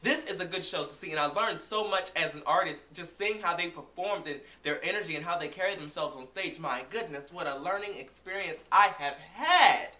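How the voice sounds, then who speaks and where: A young man telling a casual, animated story as a vlogger, acting out the dialogue himself and sounding like he is getting over an illness. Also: a little high, fairly quick, hardly any pauses, echoey room. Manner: animated, chatty, acts out dialogue. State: recovering from illness. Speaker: vlogger reviewing a concert.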